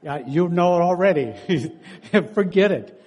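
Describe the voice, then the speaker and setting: This man in his sixties, a preacher and counselor, speaks high and expressively, a little slowly, on a muffled recording with long hall reverb. His sermon is full of stories, and he acts out quotes and chuckles frequently.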